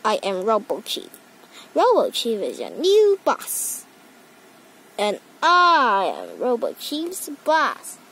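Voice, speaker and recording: A stiff, bossy male robot police chief from a kids' story announces his command, voiced by a woman. The delivery is clipped and mechanical. His voice sits lower than the narrator's. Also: wildly swooping pitch, takes it slowly, fairly bright tone, slightly rough, heavily acted, low-quality recording.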